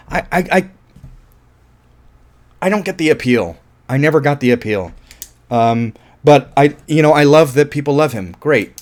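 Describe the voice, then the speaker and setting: A man giving a casual, rambling film review, thinking aloud and often restarting his sentences. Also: medium pitch.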